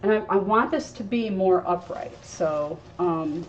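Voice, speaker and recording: A woman's voice: lowish voice, measured pace, recorded from a distance. A woman hosting a live crafting tutorial, chatting to her viewers as she works at her craft table. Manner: chatty, instructive, talks to viewers while working. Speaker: craft show host. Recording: dull sound from off-mic with faint noise.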